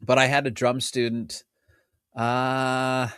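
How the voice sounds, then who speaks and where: A man's voice: medium pitch, monotone, takes it slowly, fairly bright tone, smooth, dry recording, clean studio sound. A middle-aged man hosting a podcast and chatting casually, rambling and cutting himself off, with the hiccups. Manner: rambling, self-interrupting, laughs often. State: has the hiccups. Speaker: podcast host and drum teacher. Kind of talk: casual chat.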